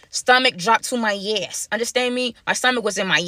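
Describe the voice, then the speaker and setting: A young woman telling a storytime monologue in slangy, animated speech, full of dramatic repeats. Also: on the high side, normal speed, hardly any pauses, no room sound, clean studio sound.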